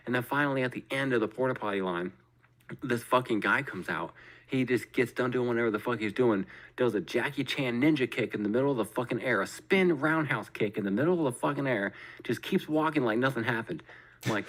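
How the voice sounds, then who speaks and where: Fast-talking, profane man telling a story. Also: mid-range voice. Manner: profane, animated, acts out his own reactions. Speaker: podcast host. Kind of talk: casual storytelling chat.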